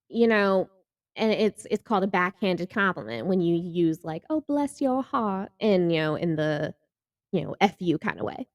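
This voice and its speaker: A woman's voice: mid-range voice, no room sound, clean studio sound. A woman hosting a reaction video in a casual, chatty way, laughing often and acting out quoted lines.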